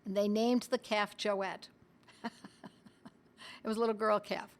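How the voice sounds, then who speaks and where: A middle-aged woman teaching on a live stream in a chatty way, talking straight to her viewers and reading their comments aloud, with the odd cough and throat clearing. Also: mid-range voice, level tone, measured pace. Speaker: homeopathy educator hosting a live stream.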